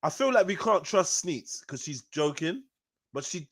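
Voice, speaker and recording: Guy hosting online panel chat, high lively voice, teasing, cuts in a lot. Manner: animated, teasing, quick interjections. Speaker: host. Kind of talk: casual panel banter.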